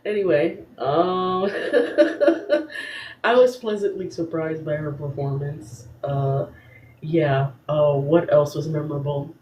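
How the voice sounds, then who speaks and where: A young woman hosting a casual recap podcast, sassy and animated, laughing often as she talks. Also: low-pitched, slow pace, reverberant. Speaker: podcast host.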